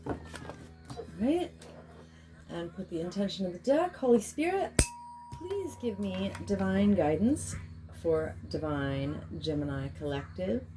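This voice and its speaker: A woman, a spiritual healer, leading a slow, soothing guided meditation and a chanted prayer. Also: medium pitch, sing-song, noisy background. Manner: slow, soothing, incantatory delivery. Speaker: spiritual healer doing a tarot reading.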